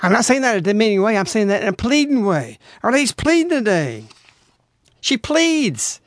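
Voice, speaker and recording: A man's voice: high-pitched, very animated, moderate pace, no room sound, clean studio sound, soft background music. A man hosting a religious radio show, preaching urgently and pleading with his listeners. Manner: urgent, exhorting, rising to pleading outbursts. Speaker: radio host.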